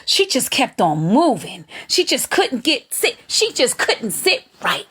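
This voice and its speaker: Her voice sits high and moves a little slowly, with a bit of hiss or hum on the recording. She hosts a live stream, delivering animated, gleeful gossip about fellow streamers in drawling Southern Black vernacular.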